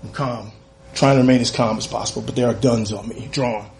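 A man telling a comic, profane story live on stage, with an animated delivery and cheeky asides. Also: mid-range voice, brisk, creaky, roomy sound, slight background noise. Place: stage in a venue.

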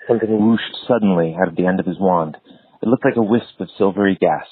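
A man reading a novel aloud in a steady storytelling way, heard over a tinny phone line. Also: sits low, fast, slightly rough, no room sound. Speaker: reader.

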